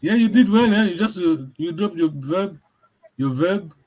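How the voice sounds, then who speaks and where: A man's voice: sits high, lively intonation, normal speed, darkish tone. A man teaching a language lesson, encouraging his students and often checking that they follow.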